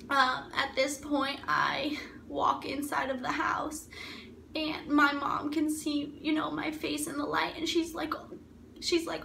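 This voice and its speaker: A young woman telling her own story of abuse in an emotional, halting way, often repeating herself. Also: high-pitched, gravelly, pushed and bright. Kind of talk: personal testimony. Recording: echoey room, mic at a distance, faint ambient noise.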